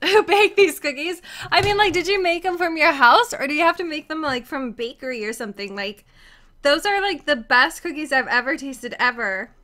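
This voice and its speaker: A woman's voice: high-pitched, lively intonation, moderate pace, pushed and bright. A woman streamer gushing in a casual live-stream chat while eating, giggly and talking with her mouth full.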